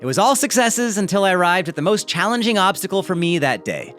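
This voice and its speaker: A man's voice: high-pitched, fast talker, faint music behind. A man hosting a mountain bike video, reading a viewer's story aloud with chatty, joking asides. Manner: lively, chatty, jokey asides.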